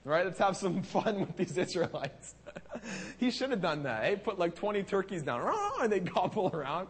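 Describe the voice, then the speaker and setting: Male pastor, high voice, animated preaching, church sermon. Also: moderate pace. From Canada. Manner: animated preaching, voices God and the Israelites in quotes.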